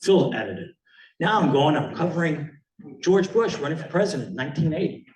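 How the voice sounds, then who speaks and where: A man's voice: a little high, expressive, fairly quick, darkish tone. A man in his sixties, from Miami, giving a casual rambling talk with slides to an audience, full of fillers and chuckles. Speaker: guest speaker, photographer. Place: meeting hall with audience. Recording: echoey hall from far off.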